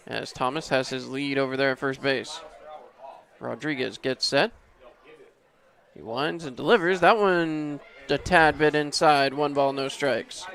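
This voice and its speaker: A play-by-play announcer calls baseball from an outdoor ballpark booth, easygoing and chuckling, his voice climbing sharply on big hits. It's a little high, creaky and a bit bright.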